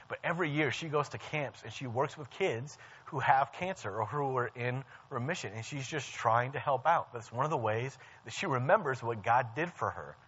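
Husky-voiced young man preaching. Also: mid-range voice, a bit bright. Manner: conversational storytelling with frequent restarts. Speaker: church staff preacher. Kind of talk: sermon. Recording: dull lo-fi sound.

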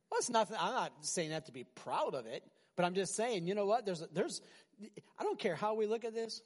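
Animated high-voiced preacher in a hall. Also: male voice, a little fast. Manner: animated, conversational preaching with rhetorical questions. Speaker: pastor. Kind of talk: sermon.

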